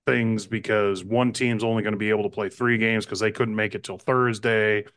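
Low-voiced man in chatty sports talk. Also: normal speed. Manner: chatty, excitable, self-correcting. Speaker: sports podcast co-host.

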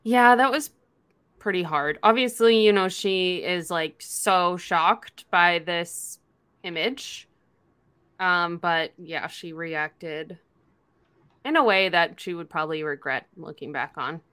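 A young woman co-hosting a casual book podcast, relaxed and agreeable as she summarizes chapters. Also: fairly low pitch, slow pace, clear, resonant tone. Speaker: podcast co-host. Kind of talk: casual book-club chat.

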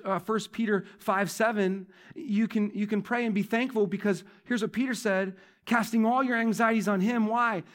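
A male pastor giving a sermon in a church, talking conversationally, repeating key phrases and swinging between loud emphasis and quiet asides. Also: high voice.

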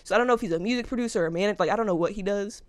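A young woman co-hosting a casual chat with a friend, telling animated stories full of slang and swearing, acting out what other people said. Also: medium pitch, racing. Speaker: podcast co-host.

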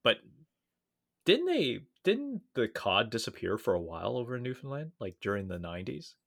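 A man co-hosting a podcast in casual chat, talky and quick to laugh, with plenty of fillers and restarts. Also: medium pitch, sing-song, vocal fry, a bit bright. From Canada. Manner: chatty, laughs often, many fillers and restarts. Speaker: podcast co-host.

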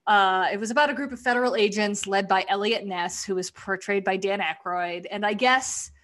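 A woman's voice: mid-range voice, moderate pace, a bit bright. A woman in casual podcast chat, rambling through a sketch recap, swearing freely and acting out quoted lines. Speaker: podcast co-host.

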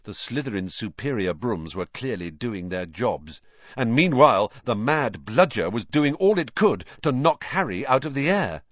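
A man narrating a children's fantasy novel in a dramatic, lively reading. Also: medium pitch, normal speed, dry recording, lo-fi sound. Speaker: audiobook reader. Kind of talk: storybook narration.

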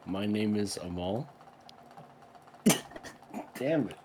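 A man's voice: on the low side, expressive, dark tone, a little hiss or hum. A young man co-hosting a casual podcast, breaking into laughter often. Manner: slow, laughs a lot. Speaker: podcast co-host.

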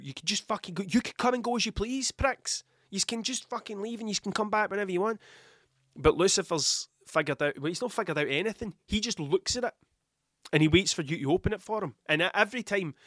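A man's voice: fairly high pitch, sharp tone, no room sound, studio quality. A Scottish man with a cold, coughing now and then, talking in a rambling, blunt, heavily sweary monologue. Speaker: podcast host. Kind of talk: casual monologue.

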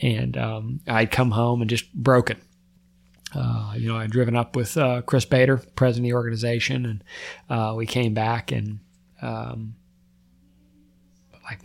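A man's voice: mid-range voice, fairly even intonation, normal speed, gravelly. A middle-aged firefighter speaks in a mid-range voice, sharing a painful story on a podcast. He talks with raw emotion, pushing his voice up when the feeling builds and letting it sink to almost nothing afterward. He restarts his sentences and repeats words as he searches for them. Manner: raw and emotional, voice climbing when worked up, then trailing off quietly. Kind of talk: personal storytelling in a podcast interview.

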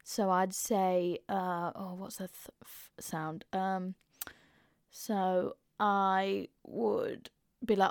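A woman's voice: mid-range voice, level tone, very slow, smooth, dry recording, clean studio sound. A woman in her twenties with an East Midlands Mansfield accent, hosting a podcast in a candid, chatty way and swearing freely. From English Midlands (Mansfield). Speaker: podcast host. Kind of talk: casual chat.

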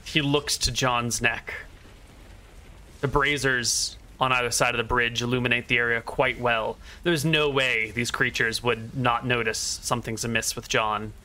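A man with a bright, forceful voice leads a tabletop game as game master. He narrates the scene in a relaxed way and drops wry little asides along the way. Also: medium pitch, measured pace.

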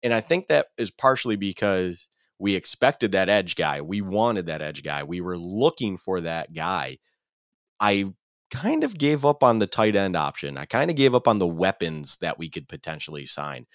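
A man's voice: low voice, no room sound, clean studio sound. A man co-hosting a sports podcast, chatting casually and with enthusiasm. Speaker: podcast co-host.

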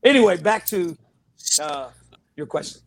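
A man giving an animated interview, telling stories, laughing often and acting out what people said. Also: high-pitched, a little slow. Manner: animated storyteller, laughs often, acts out quotes. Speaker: interview guest, actor. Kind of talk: casual storytelling interview.

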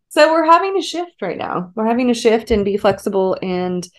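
A woman in her thirties chatting casually with her partner. She tells an animated story and laughs often. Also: a little high, a little slow. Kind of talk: casual conversation.

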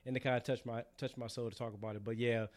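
30s dude cohosting a wrestling pod, mid voice, chill, lots of "like, you know", cracks jokes. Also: male voice, medium pitch, fast. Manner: relaxed, joking, uses lots of fillers. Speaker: podcast co-host. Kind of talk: casual chat.

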